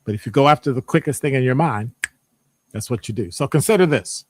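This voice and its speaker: A man with a Midwestern American accent, presenting a live online session. He reads out audience answers, quizzes them and teases them in an animated, joking way. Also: mid-range voice, a little fast, a little hiss or hum. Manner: animated, jokey, teasing the audience. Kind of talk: live-streamed lecture with chat.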